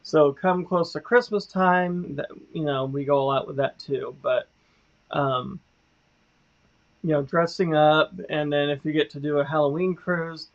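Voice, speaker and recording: A man's voice: fairly high pitch, fairly even intonation, unhurried. A man co-hosting a travel livestream in casual chat, chatty and laughing often. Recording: dull lo-fi livestream audio.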